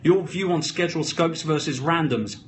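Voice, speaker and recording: An energetic, chatty man hosting a live stream, with a voice a bit higher than most men's. He talks into a phone propped against his computer at his desk, with a faint hum of room noise behind him. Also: normal speed. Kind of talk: casual live stream chat, reading viewer comments.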